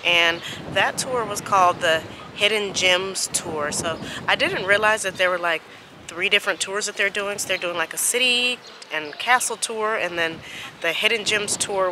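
A woman chatting casually to her camera outdoors in a windy city, rambling with lots of fillers. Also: medium pitch. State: out of breath from climbing stairs. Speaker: travel vlogger. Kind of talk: casual vlog chat to camera. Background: music.

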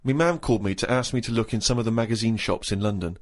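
A man's voice: on the low side, fast talker. A man hosting a podcast, reading a diary aloud in a giggly, mocking way. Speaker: podcast host.

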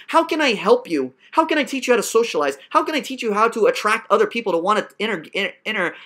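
A woman's voice: a little high, a bit bright. A woman hosting a heated online call, berating and sarcastic, with profane outbursts. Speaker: host of an online coaching class.

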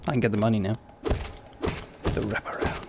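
Playful gravelly-voiced gaming streamer. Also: male voice, on the low side, fairly even intonation, fairly quick, noisy background. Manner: playful, chatty, laughs often, talks to chat. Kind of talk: casual live-stream commentary.

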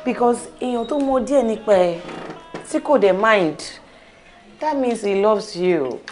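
Woman doing a teasing nigerian friend, pidgin n yoruba mix, bit high voice. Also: animated, moderate pace, darkish tone, close to an everyday voice. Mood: advising.

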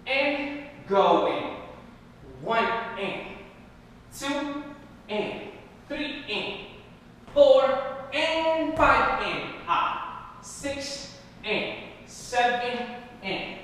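Brief: high, lively male dance instructor counting eights, captured from far off in an echoey hall. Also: a little hiss or hum. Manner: upbeat, counts beats in a sing-song rhythm. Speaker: hip hop dance teacher. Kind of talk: counting and cueing a dance class. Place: large echoey dance studio.

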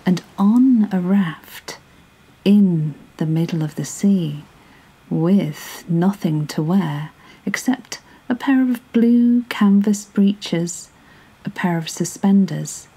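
A woman reads a bedtime story aloud, soft and unhurried, and often sinks into a whisper. Her voice is husky and dark with a fairly low pitch, and her pacing is very slow. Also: poor audio.

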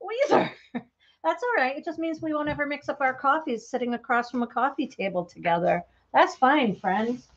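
A woman hosts a crafting livestream, chatting casually with her live viewers in a bubbly, talkative way and laughing often. Her voice is high, and the audio is dull.

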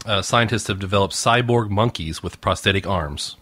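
A man's voice: fairly low pitch, normal speed, fairly bright tone. A man co-hosting a podcast, reading out news stories and joking in an easygoing, dry way. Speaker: podcast co-host. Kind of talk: casual joking news chat.

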